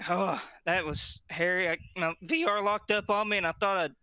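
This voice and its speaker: A young man, out of breath and excited, being interviewed right after winning a sim race championship. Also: sits high, moderate pace, clear, resonant tone, no echo. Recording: dry, dull lo-fi mic.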